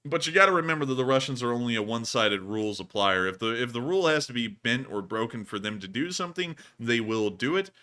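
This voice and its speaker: A man's voice: on the low side, pushed and bright. Sick man hosting a livestream. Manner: drawling, folksy, repeats thank-you phrases. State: sick, feeling unwell. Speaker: livestream host. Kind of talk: casual livestream chat.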